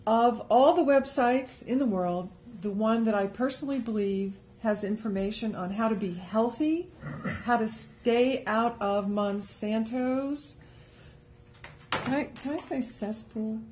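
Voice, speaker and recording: A woman's voice: fairly high pitch, measured pace, a little mellow, a little hiss or hum. A woman co-hosting a casual webcast talk show, chatty and upbeat as she gives tips. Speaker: co-host. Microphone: webcast studio mic.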